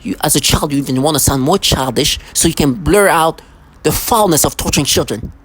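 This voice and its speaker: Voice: mid-range voice, animated, brisk, breathy edge, rough recording. Heated, stammering ranting vlogger. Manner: heated, threatening, repeats and restarts words. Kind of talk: angry ranting monologue.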